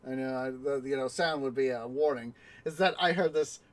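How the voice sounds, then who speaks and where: A man's voice: mid-range voice, a little fast, slight background noise. A man streaming a city-building game, chatting casually and telling a rambling story full of fillers and restarts. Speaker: gaming streamer. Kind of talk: casual let's-play chat and storytelling.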